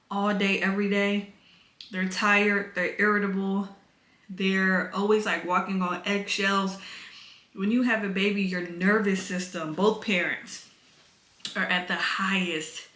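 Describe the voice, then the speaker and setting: A woman's voice: mid-range voice, flat delivery, slow, pauses often, pushed and bright, roomy sound. A young pregnant woman vlogging at home over dinner, talking candidly and emotionally in a casual chat to camera.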